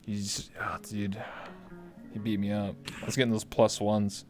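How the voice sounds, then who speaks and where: A man's voice: lowish voice, flat delivery, unhurried, a little mellow, soft background music. A man hosting a casual livestream interview, joking around with playful, swearing trash talk. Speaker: host.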